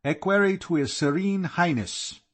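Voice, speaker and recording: A man's voice: high voice, expressive, moderate pace, voice pushed up. A man voicing a stiff, formal male German count with a German accent, speaking in a courtly, ceremonious way.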